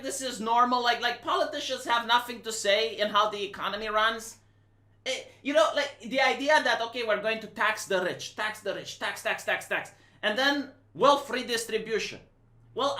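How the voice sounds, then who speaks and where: This is a woman with a Romanian accent delivering casual commentary in a bright, forward voice. She is blunt and emphatic, and she often repeats herself and restarts her phrases. Her voice echoes in a roomy space. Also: a little high. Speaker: live-stream commentator. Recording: roomy echo.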